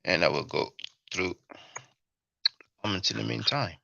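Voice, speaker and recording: A man hosting a commentary video, speaking in a measured way and reading out viewer comments. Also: low voice, vocal fry, pushed and bright, no echo. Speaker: commentary channel host. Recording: dull, lo-fi dry recording.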